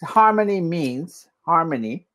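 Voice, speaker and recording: A man tutoring English one-on-one, tired, explaining words patiently and repeating them slowly. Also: a little high, animated, pushed and bright.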